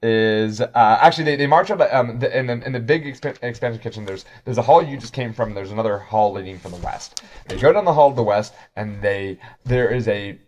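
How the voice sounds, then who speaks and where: A man's voice: mid-range voice, fairly quick, darkish tone, muffled recording. A man narrating a tabletop game as game master, casual and rambling, with many restarts.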